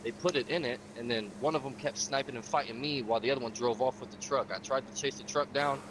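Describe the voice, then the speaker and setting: Fast-talking profane gamer man. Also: medium pitch, noisy background. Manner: profane, streetwise, acts out quotes. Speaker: gamer recounting a session. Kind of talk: casual storytelling.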